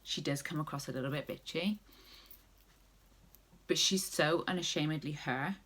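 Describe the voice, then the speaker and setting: A woman's voice: deep voice, normal speed, fairly bright tone. A woman vlogger chatting casually through a makeup tutorial, rambling with jokey asides.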